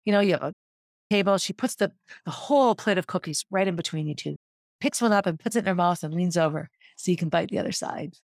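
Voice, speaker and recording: A woman's voice: lowish voice, fast, no echo, studio quality. A woman, a former teacher, telling a personal story in a vivid, descriptive way that walks listeners through a scene.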